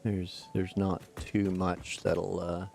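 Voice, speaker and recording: A Canadian man in his forties gives easygoing live game commentary in a very low, gravelly voice. He mutters at the game and chats with viewers. Faint music plays behind him. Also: flat delivery, slow pace, a little mellow. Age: 40s. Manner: laid-back, mutters at the game, thanks viewers. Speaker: game streamer. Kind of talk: live gameplay commentary with chat.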